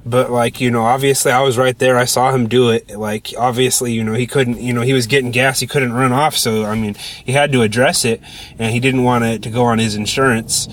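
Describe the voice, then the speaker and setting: A man's voice: medium pitch, steady tone, a little fast. A man co-hosting a casual podcast from inside a car, talking in a rambling, sardonic way with lots of fillers. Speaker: podcast co-host. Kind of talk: casual chat.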